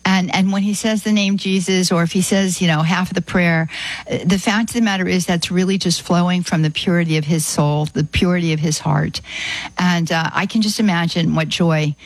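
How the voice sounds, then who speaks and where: Effusive husky-voiced woman radio host. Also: lowish voice, fairly even intonation, a little fast, no echo, rough recording. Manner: warm, effusive, repeats "beautiful" often. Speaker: radio call-in show host. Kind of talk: Catholic radio call-in chat.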